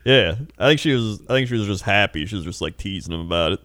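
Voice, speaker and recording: A man's voice: lowish voice, lively intonation, quick pace, fairly bright tone, dry recording, clean studio sound. A young man chatting casually on a podcast, telling stories with laughs and acting out the people in them. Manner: laughing storyteller, acts out quoted people. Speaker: podcast co-host. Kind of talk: casual chat.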